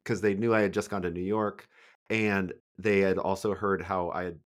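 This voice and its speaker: A man's voice: deep voice, level tone, normal speed. A man co-hosting a casual chat, rambling with self-deprecating humor and acted-out quotes. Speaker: podcast co-host.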